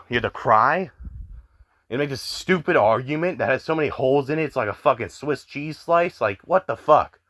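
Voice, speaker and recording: In this clip a young commentary YouTuber vents his frustration, peppering his talk with swear words and constant "like"s. His medium-pitched voice is a bit bright, with lively intonation and a moderate pace.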